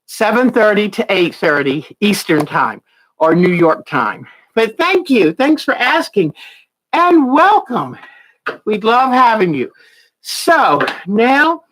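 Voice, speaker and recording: A woman's voice: on the high side, a bit bright, poor audio. A woman hosting a casual quilting livestream, chatting and greeting viewers by name. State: out of breath.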